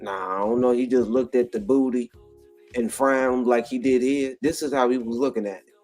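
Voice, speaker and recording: A male co-host reacting with drawn-out, mock-shocked exclamations. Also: medium pitch, steady tone, a little mellow, soft background music. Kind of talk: reaction commentary.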